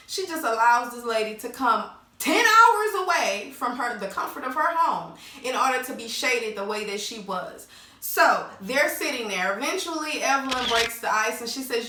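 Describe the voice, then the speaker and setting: A woman with a high, bright voice gives a blunt, opinionated recap of a reality TV episode and calls the cast out as she goes. She acts out what each cast member said. Her voice sits a little back from the mic in an echoey room. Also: animated, normal speed, recorded from a distance. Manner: blunt and opinionated, mimics the cast's lines. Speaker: recap vlogger.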